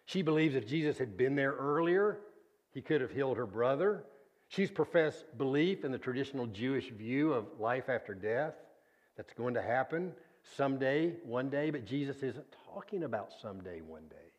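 A man preaching a sermon, earnest and deliberate, often sinking to a hushed low voice on key words. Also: expressive.

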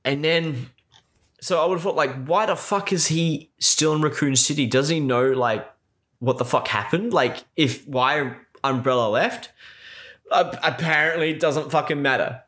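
A man's voice: fairly high pitch, moderate pace, a bit bright. A man in a casual, exasperated movie recap rant, swearing a lot and saying "like" constantly. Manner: exasperated, profane, full of filler likes.

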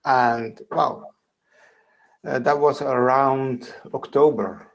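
A man's voice: medium pitch, steady tone, takes it slowly, creaky. A man from the Netherlands with a Dutch accent, a guest in a casual chat, hesitant with many fillers.

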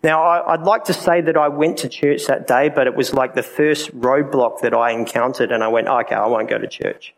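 A man's voice: mid-range voice, steady tone, normal speed, hardly any pauses, rough recording. Candid man sharing his testimony. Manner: candid, conversational, with many fillers. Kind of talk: personal testimony from the pulpit.

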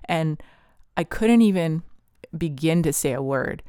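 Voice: mid-range voice, animated, unhurried, mellow, clear, resonant tone, no room sound, clean studio sound. A podcast host telling an earnest, vivid personal testimony, often filling with "like". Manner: earnest, vivid, with frequent "like" fillers.

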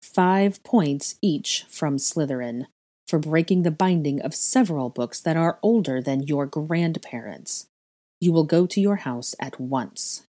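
Woman doing Snape, a cold deliberate professor. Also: low voice, expressive, darkish tone, no room sound, clean studio sound. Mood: stern. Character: cold stern male professor, slow and deliberate.

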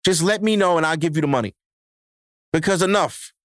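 A man's voice: on the high side, a little fast, fairly bright tone, no room sound, clean studio sound. A man hosting his own podcast, delivering a profane, emphatic solo rant that lectures his listeners. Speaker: podcast host.

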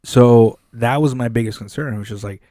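Mellow-voiced man telling a story. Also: mid-range voice, a little fast, no room sound, clean studio sound. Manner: animated, swears often, acts out quoted dialogue. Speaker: podcast co-host. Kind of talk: casual storytelling chat. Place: podcast studio.

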